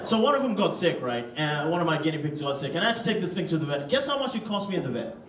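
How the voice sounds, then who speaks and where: A stand-up comedian from Africa, loose and profane, chatting with the crowd in a comedy club. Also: male voice, fairly high pitch, very animated, very fast, a bit bright. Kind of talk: stand-up routine. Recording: roomy hall, distant mic, crowd laughter. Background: audience laughter.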